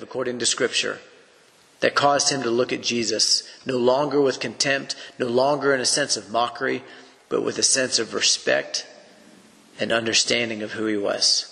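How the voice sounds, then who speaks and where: A man's voice: medium pitch, steady tone, moderate pace, vocal fry, sharp tone, big-room sound. A man teaching through a Bible passage on a podcast. He speaks earnestly in a preacherly way and poses rhetorical questions.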